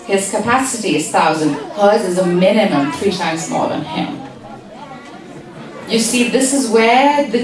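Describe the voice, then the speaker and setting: Picked up by a distant mic in a large hall, a woman with a mid-range voice delivers a humorous lecture at a community talk. She teases her listeners and repeats phrases for emphasis.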